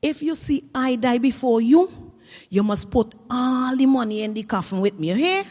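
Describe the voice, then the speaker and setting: A woman's voice: on the high side, expressive, normal speed, a little mellow. A woman doing a demanding rich husband. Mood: coaxing. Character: wealthy ill husband, possessive and demanding. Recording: reverberant hall.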